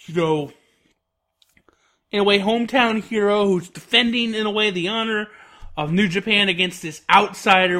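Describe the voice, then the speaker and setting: A man's voice: high voice, sharp tone. A man giving an enthusiastic, rambling spoken review, full of fillers. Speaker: wrestling reviewer.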